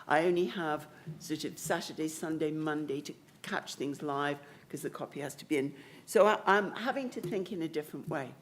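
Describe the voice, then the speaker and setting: An older woman, a newspaper radio columnist, chatting wryly on a conference panel and often laughing. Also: deep voice. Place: conference hall.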